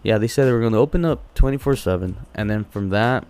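A man's voice: lowish voice, fast talker, a little mellow, clean tone, faint music behind. A man on a podcast telling a heated story, swearing constantly and repeating words as he goes. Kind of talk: casual profane storytelling.

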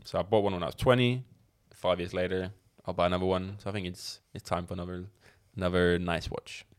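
A man's voice: sits low, steady tone, fast talker, clear, resonant tone. A young man with a Danish accent chatting on a podcast as a guest, stumbling and repeating words as he jokes. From Denmark. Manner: hesitant, repeats words while joking. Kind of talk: casual chat.

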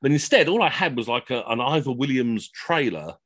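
Man, comic storyteller, rambling, cheeky, lively pitch, dry video call sound. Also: brisk, no echo. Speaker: costumed entertainer, storyteller.

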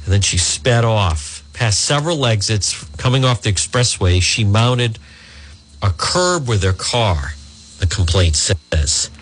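Indignant male talk radio host, husky. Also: lowish voice, very animated, unhurried, fairly bright tone. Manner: indignant, reads news aloud with asides. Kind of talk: talk radio news commentary.

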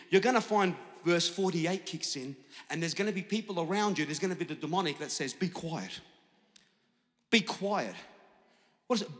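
A man preaching with great passion, swinging between quiet, hushed lines and full-throated shouts. His voice sits high and sounds forceful and bright. It rings out across a large church hall with a long, lingering reverb. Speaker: pastor. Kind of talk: sermon.

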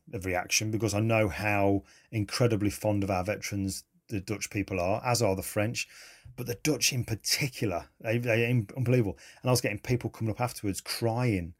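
A man, a photographer telling animated, enthusiastic stories in a casual interview. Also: fairly low pitch. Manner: animated, enthusiastic, laughs mid-story.

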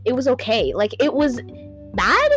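A woman's voice: on the high side, very animated, measured pace, a bit bright, soft background music. A young woman hosting a casual solo podcast, rambling, stumbling over hard words and laughing at herself, on a home microphone. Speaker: podcast host.

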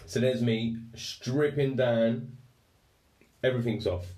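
At a normal speed, a man with a warm, lowish voice and an English accent tells a candid personal story full of raw emotion and frequent swearing. The mic is distant and the room echoes.

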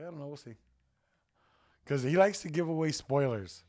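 Quick-talking agreeable man. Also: fairly high pitch, animated, mellow. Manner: quick, agreeable, chimes in briefly. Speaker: guest. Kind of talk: casual chat.

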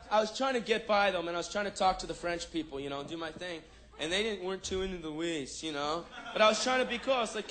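A man's voice: high-pitched, lively intonation, fast, noisy background. A man doing a stand-up comedy routine in goofy, drawling surfer-dude slang.

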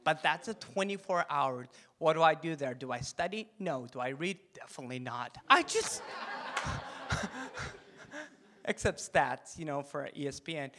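A pastor, a man, giving an animated, jokey sermon and leading the crowd in call-and-response chants. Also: fairly high pitch, brisk, hardly any pauses. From Korean heritage. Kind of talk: sermon talk.

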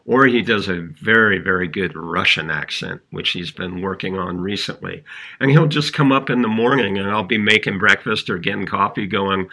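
A man co-hosting a podcast, chatting casually and telling stories in an animated way. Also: low voice, normal speed, gravelly. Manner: animated storyteller, chuckles while recounting funny stories. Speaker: podcast co-host. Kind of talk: casual conversational podcast chat.

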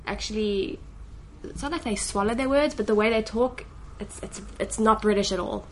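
A woman's voice: medium pitch, moderate pace, a little hiss or hum, rough recording. South African woman, composed podcast guest. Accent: South African (Johannesburg). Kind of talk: casual podcast chat. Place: office conference room.

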